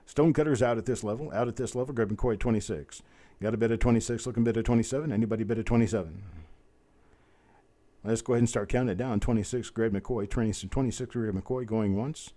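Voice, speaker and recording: Running a live online coin auction, a drawling man chants bids quickly, then eases off for chatty, folksy asides. He sounds like a seasoned, middle-aged auctioneer, his voice low with a dark, mellow tone.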